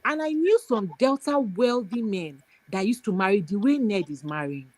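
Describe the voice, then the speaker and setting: A woman's voice: medium pitch, animated, normal speed, a little mellow. A woman from Nigeria, calling in to a live show and explaining her view while checking that the listener understands. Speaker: caller. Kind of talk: call-in commentary.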